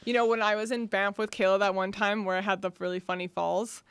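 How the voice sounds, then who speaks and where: A woman's voice: mid-range voice, flat delivery, quick pace, clean tone, no echo. A young woman co-hosting a podcast, telling embarrassing stories in casual chat with frequent laughter. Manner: self-deprecating storyteller, laughs a lot. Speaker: podcast co-host.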